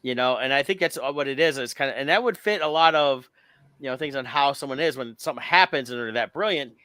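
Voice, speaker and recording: A man's voice: mid-range voice, fast, bright, forceful tone, clear, resonant tone, dry recording. A man co-hosting a podcast, chatting casually and rambling with restarts. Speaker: podcast co-host. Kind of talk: casual chat.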